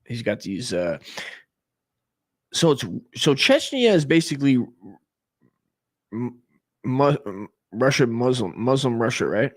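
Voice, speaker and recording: A man's voice: mid-range voice, very animated, slow, long pauses, dry recording, studio quality. A man in his forties doing a crude, rambling comedic monologue, trailing off and restarting as he goes. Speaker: comedy podcast host.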